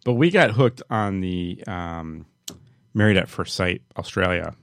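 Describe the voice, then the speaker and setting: Very low-voiced man, dry. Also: lively intonation, unhurried, gravelly, clean tone, no echo. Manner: reactive, short replies like "wow". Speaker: podcast co-host. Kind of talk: casual chat.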